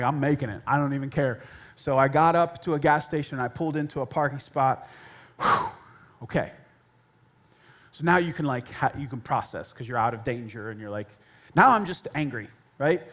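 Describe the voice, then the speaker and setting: A man's voice: a little high, fairly bright tone. A male pastor telling a personal story in a conversational sermon, self-deprecating and laughing at himself.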